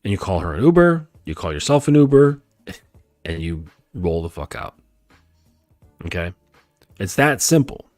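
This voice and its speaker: A male dating coach giving a calm, emphatic coaching talk, repeating his points and often checking in with "okay?". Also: deep voice, normal speed, long pauses, no echo, soft background music. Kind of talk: lecture-style coaching talk.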